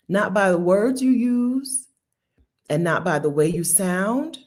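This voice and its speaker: A woman in her fifties from Delaware, hosting and giving casual commentary, emphatic and quick to laugh. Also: mid-range voice. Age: 50s. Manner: animated, emphatic, laughs often. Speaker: host.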